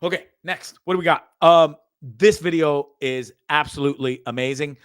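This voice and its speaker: A show host with a somewhat high male voice casually comments on videos at a normal pace, swearing often, stammering repeats, and laughing. The tone is clean, and the recording is dry with clean studio sound.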